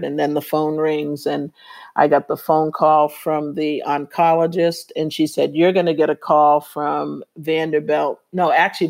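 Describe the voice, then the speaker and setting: A woman's voice: deep voice, darkish tone. A woman guest in an interview giving a personal testimony, telling her story earnestly and acting out the dialogue she quotes. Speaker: interview guest, women's Bible study leader.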